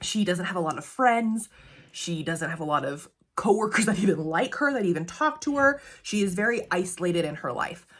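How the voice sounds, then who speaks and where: A woman's voice: lowish voice, expressive, normal speed. Chatty woman reviewing books. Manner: chatty, laughs often while talking. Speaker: book reviewer. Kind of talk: casual book review chat.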